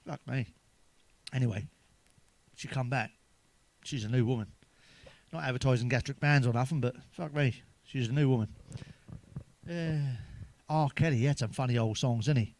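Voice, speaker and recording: A man's voice: mid-range voice, normal speed, a little mellow. A man telling crude stand-up jokes in a chatty, swearing manner, ending with tag questions. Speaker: stand-up comedian.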